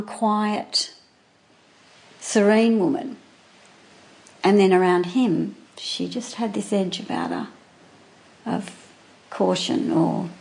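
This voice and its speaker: A woman being interviewed, recalling events from years ago in halting, earnest speech that often restarts mid-sentence. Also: lowish voice, vocal fry, a little mellow. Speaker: interviewee, former neighbour and friend. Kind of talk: recounting memories in an interview.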